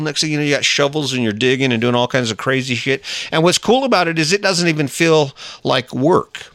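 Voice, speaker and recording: A middle-aged man giving a casual motivational monologue, emphatic and coaxing, acting out little scenes in a higher voice. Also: animated, moderate pace, a bit bright, dry recording. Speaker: motivational talker.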